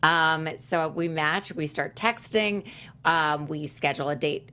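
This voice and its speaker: Woman podcast cohost, kinda low voice, telling stories and acting out texts. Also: measured pace, smooth. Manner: animated storyteller, acts out texts in quotes. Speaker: podcast co-host. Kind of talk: casual chat and storytelling.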